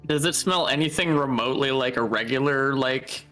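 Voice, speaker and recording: A man's voice: medium pitch, normal speed, sharp tone, faint music behind. A man playing a tabletop game, blunt and swearing. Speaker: player. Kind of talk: tabletop role-play.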